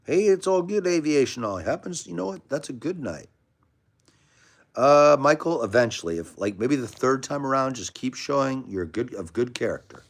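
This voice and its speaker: A man's voice: medium pitch, animated, moderate pace. An American man hosting a casual livestream, chatting with viewers in a chummy, rambling way and calling them brother and man. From United States. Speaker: livestream host. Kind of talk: casual live chat reading comments.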